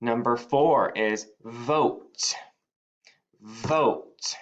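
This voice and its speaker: A male teacher giving a phonics spelling lesson, slowly stretching out the sounds of each word. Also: mid-range voice, very animated, fairly bright tone, lo-fi sound.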